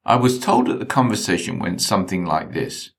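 Guy reading his memoir, deep voice, dry wit, lively delivery. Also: a little fast, gravelly. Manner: wry, deadpan storytelling. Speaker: narrator.

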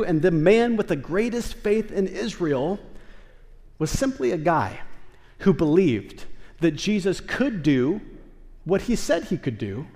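A man preaching a sermon in a church sanctuary, animated and building to emphatic bursts. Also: sits high, measured pace. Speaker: pastor. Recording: long reverb of a church hall.

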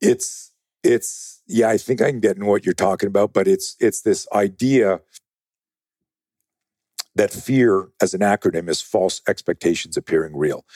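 A low, husky male voice in casual podcast talk. He swears freely and tells animated stories, jumping into the voices of the people he quotes. The sound is close and dry. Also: moderate pace, no echo. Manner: profane, animated storyteller acting out quotes. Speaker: guest, self-defense trainer.

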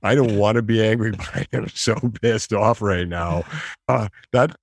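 A man talking in a reflective conversation, animated, acting out inner voices and laughing often. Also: lowish voice, normal speed, vocal fry, dry recording, clean studio sound.

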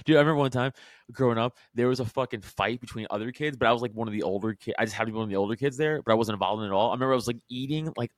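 A man's voice: mid-range voice, rapid-fire, no room sound. Male podcast guest, dry recording, rambling profane talker. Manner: rambling, profane, filler-heavy. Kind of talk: casual chat.

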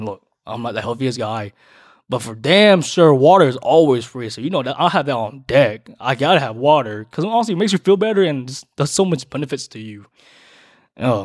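A man telling a dating story in a casual, animated way, jumping loud and high for emphasis. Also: dry recording, clean studio sound.

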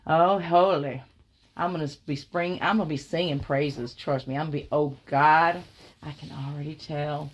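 A woman narrating an explicit erotic story in a slow, breathy, sultry way. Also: deep voice, fairly even intonation.

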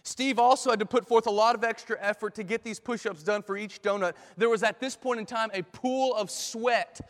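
A man telling a dramatic illustration story in a sermon, in an animated way. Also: high voice, brisk. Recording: long hall reverb.

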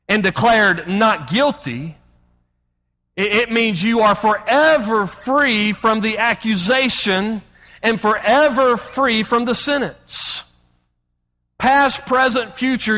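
A man's voice: sits high, pushed and bright. A pastor preaching a sermon emphatically, often restarting his words. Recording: long hall reverb.

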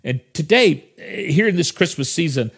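A man's voice: fairly high pitch, expressive, normal speed, gravelly, a bit bright, slightly rough. A middle-aged man, a pastor, preaching a conversational Christmas sermon that is full of asides and restarts.

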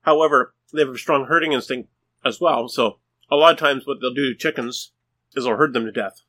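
A man's voice: medium pitch, brisk, fairly bright tone. A man co-hosting a podcast, explaining things in casual chat. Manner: explanatory, informative. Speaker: podcast co-host.

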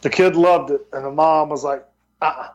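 Man, football coach, guest on a podcast. Somewhat high voice, rambling delivery with frequent restarts, dull lo-fi sound. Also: steady tone, moderate pace, background noise. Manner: rambling storyteller with many restarts. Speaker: football tight end coach and recruiting coordinator. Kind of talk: casual podcast interview.

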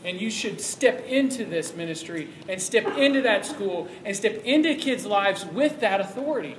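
A man's voice: sits high, animated, moderate pace. A man preaching to a youth ministry audience in an emphatic, conversational way. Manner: emphatic, conversational, acts out quoted voices. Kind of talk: sermon. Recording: echoey room with faint background noise.

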